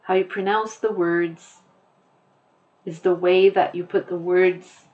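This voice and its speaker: A woman with an American accent teaching a lesson, explaining deliberately and repeating her key points. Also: on the low side, flat delivery, phone-quality sound.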